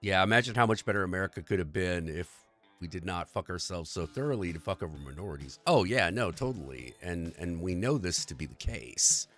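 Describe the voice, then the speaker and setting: Man, stream host, very low voice, lively swooping delivery, profane rambling rant, faint music behind. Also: fairly quick. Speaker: livestream host. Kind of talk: casual political rant.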